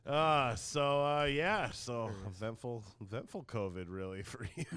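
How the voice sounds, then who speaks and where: A man's voice: mid-range voice, big pitch swings, slow, a bit bright, no room sound. A man co-hosting a podcast, reacting to a story with crude banter and joking asides. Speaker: podcast co-host. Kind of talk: casual chat.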